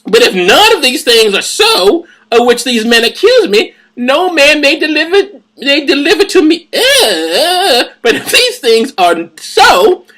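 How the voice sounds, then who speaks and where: A man voicing the apostle Paul as a pleading, whiny grown man in a slow, melodramatic reading. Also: very high-pitched, sing-song, bright, forceful tone, pitched above the performer's own voice, full character voice.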